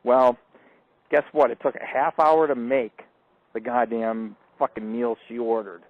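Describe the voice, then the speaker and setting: A man hosting a live call-in radio show, telling crude, boastful stories full of profanity and swinging from loud outbursts to low mutters. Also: little pitch movement, measured pace, no room sound. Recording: tinny phone-like line.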